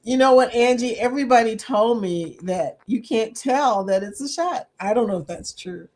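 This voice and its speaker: On her livestream, a chatty host laughs a lot and reads out what viewers write in the comments. She speaks at a moderate pace in a slightly high, slightly mellow voice.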